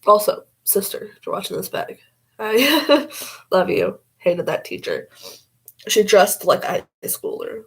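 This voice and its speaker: Young woman makeup vlog, husky breathy voice, swears a lot, rambly chat. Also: mid-range voice, animated, unhurried, low-quality recording. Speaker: vlogger.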